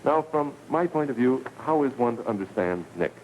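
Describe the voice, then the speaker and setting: A man giving a televised lecture as a professor, speaking in an earnest, deliberate way with emphatic repetition. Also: mid-range voice, expressive, a little mellow, slight background noise, low-quality recording. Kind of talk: televised lecture with story reading.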